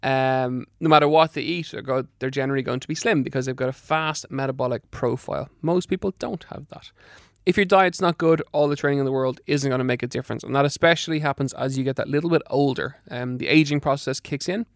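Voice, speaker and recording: A man's voice: mid-range voice, vocal fry, no room sound, clean studio sound. A middle-aged man giving fitness and diet advice on a podcast, emphatic and practical, doubling words for stress. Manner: brisk, practical coaching. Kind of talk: advice talk to listeners.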